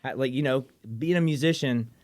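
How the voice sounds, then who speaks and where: A man from southern Mississippi hosting a podcast in casual chat, eager and excitable, often restarting his sentences. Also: medium pitch, brisk. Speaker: podcast host.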